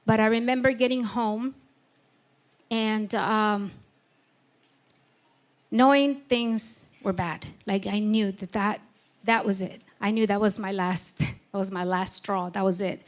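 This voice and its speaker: A woman giving a personal testimony at church, speaking candidly and emotionally, halting often with fillers. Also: medium pitch, steady tone.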